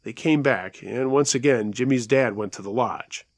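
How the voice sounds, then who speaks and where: A man telling a listener's true scary story in a conversational way, slowing down at the tense moments. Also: mid-range voice, dry recording. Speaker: storyteller, show host.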